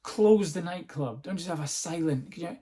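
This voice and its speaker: Gravelly rambling man. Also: on the high side, moderate pace, warm tone. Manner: rambling, sarcastic, swears freely. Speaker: podcast host. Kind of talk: casual comic monologue.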